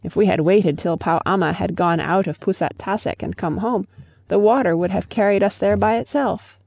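A storyteller voicing a lazy man who complains about the long paddle, in a husky voice. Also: medium pitch, moderate pace, darkish tone, no room sound, studio quality. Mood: complaining. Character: lazy adult male fisherman.

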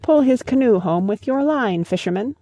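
A storyteller voicing a stern, lordly old male magician who speaks in commanding, solemn tones, with a gravelly voice. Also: mid-range voice, animated, normal speed, warm tone, no room sound, pitched above the performer's own voice.

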